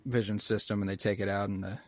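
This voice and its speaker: Low-voiced man recapping a show. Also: quick pace, no echo. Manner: animated recapping, acts out quotes with swearing. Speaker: podcast co-host. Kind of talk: casual pop-culture chat.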